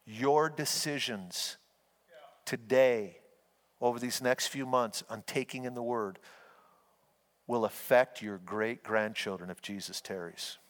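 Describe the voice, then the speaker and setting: A man's voice: medium pitch, slow. Earnest preaching man in a reverberant hall. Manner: folksy storytelling, earnest and exhorting. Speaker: pastor. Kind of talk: sermon.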